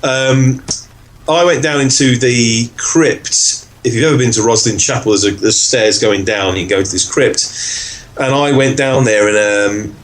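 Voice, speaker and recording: A man co-hosting a podcast. He tells a story casually and acts out other people's lines in much higher voices. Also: moderate pace, rough recording. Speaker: podcast co-host. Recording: faint background noise.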